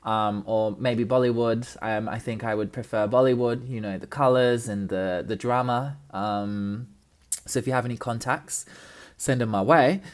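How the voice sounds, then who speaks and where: Casting: young woman, podcast host, deep low register, loose and cheeky, sprinkles in swearing and ums. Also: fairly even intonation, moderate pace, darkish tone. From Australia. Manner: chatty, cheeky, swears freely, many ums. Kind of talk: casual solo podcast chat. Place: friend's apartment.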